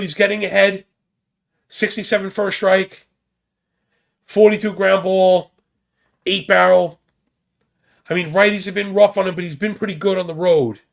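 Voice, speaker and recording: A man's voice: high voice, vocal fry. A man hosting a sports betting podcast, rattling off stats in casual, slangy banter. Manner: rapid stat-heavy banter with slang.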